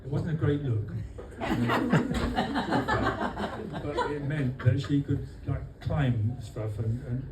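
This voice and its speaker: A man from London giving a humorous birthday speech for his wife to friends at a restaurant, with dry comic timing and many pauses. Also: medium pitch, heavy background noise. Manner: deadpan comic timing, halting with fillers. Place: restaurant dining room with guests. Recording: echoey room, voice from far off. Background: guests laughing.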